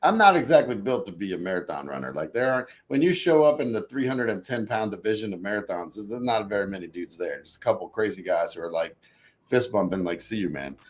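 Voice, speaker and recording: A man telling a personal story in a casual interview, acting out his own past thoughts with lively energy. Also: lowish voice, fast talker. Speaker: podcast guest.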